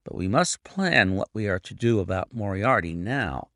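A man reading a calm, clever detective who speaks in a dry, wry, brisk way in a storybook. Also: fairly low pitch, vocal fry, dry recording. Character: calm clever male detective in his prime.

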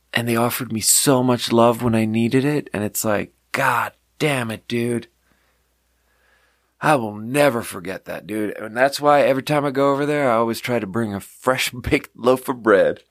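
In clean studio sound with no room tone, a man with a mid-range voice hosts a podcast. The talk is rambling and casual, full of laughter and offhand swearing.

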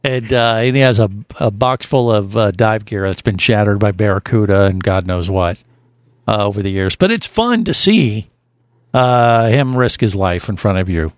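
A man's voice: on the low side, moderate pace, no echo, clean studio sound. A man hosting a casual podcast chat, rambling with lots of fillers and restarts. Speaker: podcast host.

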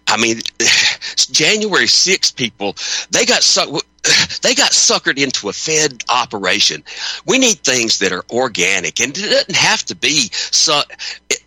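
A man hosts a talk radio show and speaks with fervent defiance, his voice leaping from low, heavy statements to sharp emphatic peaks. His tone is very bright and cutting, and the studio mic sounds close and dry. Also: big pitch swings, a little slow, husky, dry recording, rough recording. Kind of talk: impassioned radio monologue.

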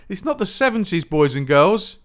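A man's voice: high voice, big pitch swings, moderate pace, fairly bright tone. A man hosting a music podcast, talking in a rambling, chatty, self-mocking way with lots of restarts. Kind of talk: casual solo podcast chat.

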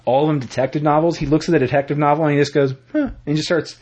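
A man co-hosting a casual podcast, rambling through an animated retelling of a TV episode and acting out the characters' lines. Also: fairly high pitch, very fast, breathy edge. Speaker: podcast co-host.

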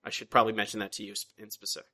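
A man's voice: on the low side, monotone, racing, pushed and bright. A man co-hosting a podcast, rambling through a casual recap and often restarting his sentences. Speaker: podcast co-host. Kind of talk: casual chat.

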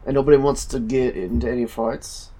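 A woman with an extremely low, husky voice trades improvised comic banter. She jokes with a deadpan edge and keeps trying out silly accents. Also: fairly quick.

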